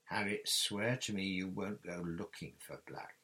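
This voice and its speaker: An anxious, earnest wizard father, read by a man, speaking low and tense. He presses his point with quiet urgency in this storybook scene. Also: steady tone, unhurried.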